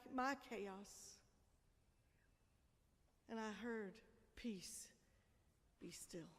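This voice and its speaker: A woman minister with a high voice preaches in a church sanctuary. Her delivery moves between emphatic, rising appeals and soft, close asides. A long reverb from the large room trails after each phrase. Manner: emphatic, conversational preaching with quiet, intimate drops. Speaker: senior minister. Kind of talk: sermon.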